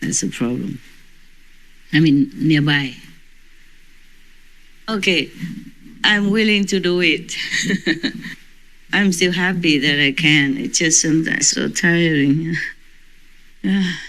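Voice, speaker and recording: Bright-voiced woman teacher, laughing often. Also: sits low, takes it slowly, pauses often, poor audio. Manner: chatty, laughs often between remarks. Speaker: spiritual teacher. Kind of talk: informal spiritual talk to disciples.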